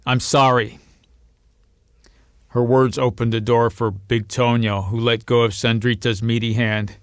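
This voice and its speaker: A man reading a novel aloud as narrator, in a steady storytelling manner. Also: moderate pace, clean tone, no echo, clean studio sound. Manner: steady storytelling, lifts pitch and volume for quoted voices. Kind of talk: audiobook reading.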